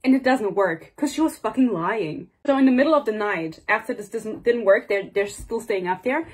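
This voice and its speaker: A woman's voice: medium pitch, expressive, normal speed, slightly rough. A woman in her twenties giving a casual book rant, exasperated and sarcastic, swearing freely and rambling off on tangents. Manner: rambling and digressive. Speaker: book reviewer.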